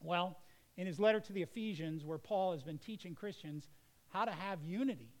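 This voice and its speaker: Earnest higher-pitched male preacher. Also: fairly quick, low-quality recording. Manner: earnest, conversational preaching with varied emphasis. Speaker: pastor. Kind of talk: sermon.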